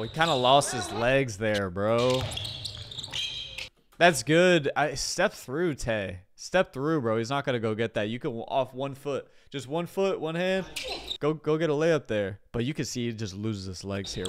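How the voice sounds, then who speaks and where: A man giving casual, excited play-by-play commentary on a basketball game, full of slang. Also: medium pitch, a little slow, noisy background. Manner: excited, chatty, loose slang.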